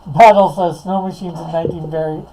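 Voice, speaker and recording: A man's voice: fairly high pitch, steady tone, fairly quick, warm tone, slight background noise, poor audio. A man on a remote call in a casual live stream, reading out his story notes hesitantly and chatting. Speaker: comic writer.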